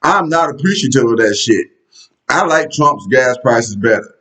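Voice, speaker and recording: This male political vlogger has a bright, forceful, mid-range voice with lively intonation and normal speed. Despite the poor audio, his conversational rant comes through blunt, profane and sarcastic, aimed directly at his viewers.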